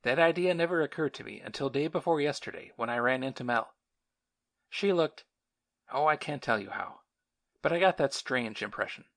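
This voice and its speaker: A man's voice: medium pitch, expressive, normal speed, fairly bright tone. A man voicing a frail, earnest young male war veteran who talks in an urgent, pleading way.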